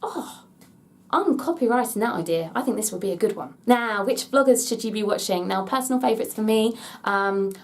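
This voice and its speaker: A woman's voice: medium pitch, fairly quick. A young English woman vlogger answering Q&A questions in a chatty, gushing way, often thinking aloud. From England. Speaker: theme park vlogger. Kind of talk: casual Q&A vlog.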